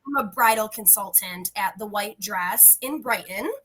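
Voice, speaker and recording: A woman's voice: medium pitch, moderate pace, pushed and bright, breathy edge. A young woman guest on a podcast, giggly and chatty with lots of ums. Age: young adult. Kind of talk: casual interview chat.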